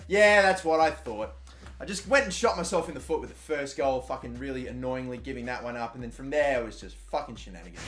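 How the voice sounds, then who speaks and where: A young man giving live video game commentary, excitable and foul-mouthed, swinging between loud outbursts and low grumbling. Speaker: gaming YouTuber.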